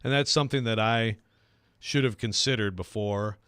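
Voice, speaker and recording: A man hosting a sports talk radio show, rambling and self-deprecating, quick to laugh. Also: lowish voice, a bit bright, clear, resonant tone, no echo.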